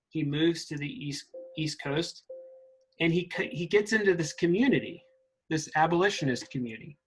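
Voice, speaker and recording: A man giving an informal talk at a meditation center, halting and thinking aloud with frequent restarts. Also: on the high side, a bit bright, rough recording.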